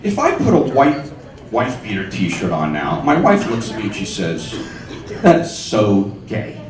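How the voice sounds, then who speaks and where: A man in his forties doing a stand-up set in a comedy club, wry and punchy, with sudden high squeals on his punchlines. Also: huge pitch swings, moderate pace, noisy background. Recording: echoey club sound from far off.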